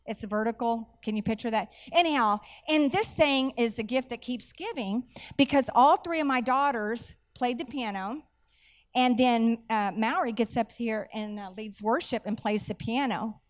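A middle-aged woman, preaching a sermon through animated personal stories with folksy asides. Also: fairly high pitch, normal speed. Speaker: church speaker.

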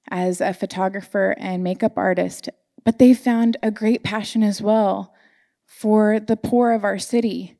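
A woman's voice: medium pitch, gravelly, mellow. A woman giving an earnest, emotional sermon to her church congregation, sharing personal stories. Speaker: church speaker. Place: church sanctuary.

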